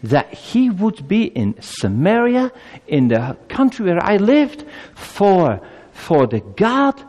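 A man's voice: high-pitched, wildly swooping pitch, slow pace, darkish tone, big-room sound, pitched above the performer's own voice, full character voice. A man voicing a lonely little servant girl, speaking in an earnest, pleading way.

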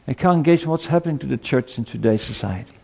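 Male pastor, emphatic sermon delivery, keeps asking the room questions, stumbles over repeated words, mid-pitched voice, long hall reverb. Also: animated, fast, gravelly, a little mellow. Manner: emphatic preaching with rhetorical questions and stammered repeats.

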